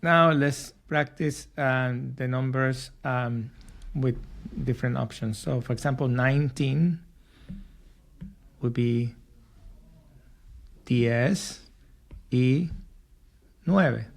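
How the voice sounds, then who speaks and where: A man's voice: mid-range voice, steady tone, slow pace, pauses often. A man teaching a spoken lesson for learners, patient, repeating and drilling each word. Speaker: language teacher.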